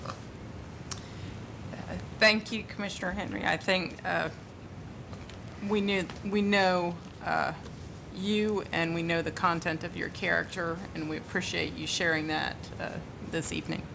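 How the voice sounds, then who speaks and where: A woman serving as mayor, chairing a council meeting in a measured, hesitant way. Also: fairly low pitch, fairly even intonation, gravelly, noisy background. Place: city commission chamber.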